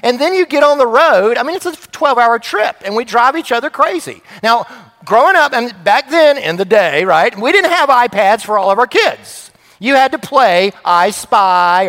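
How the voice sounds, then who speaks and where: A middle-aged man preaching a sermon as pastor, telling a family story with lively acted voices. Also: extremely high pitch. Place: church sanctuary. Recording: long church hall reverb.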